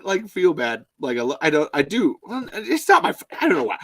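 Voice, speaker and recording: A man's voice: fairly high pitch, brisk, few pauses, dry recording, low-quality recording. A man hosting a casual live podcast from a home mic, rambling and swearing freely. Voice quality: profane, rambling, animated. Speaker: podcast host.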